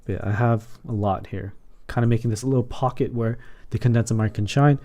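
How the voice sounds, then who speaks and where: A man's voice: medium pitch, steady tone, fairly quick, mellow. A man chatting casually on a live stream from his desk at home, answering chat and correcting himself as he goes, speaking into a condenser mic in a room with sound panels in a corner. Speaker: keyboard streamer. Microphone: condenser microphone at desk.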